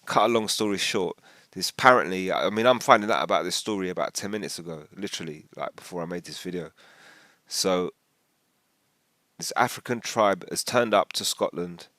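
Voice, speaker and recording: A man rambling casually through a commentary video, animated and full of restarts. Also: low voice, normal speed, no room sound, clean studio sound.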